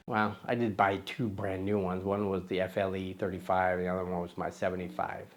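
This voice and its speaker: A man's voice: low voice, flat delivery, fairly quick. A man hosting a photography vlog, talking casually to camera in a rambling, self-deprecating way with many fillers and restarts.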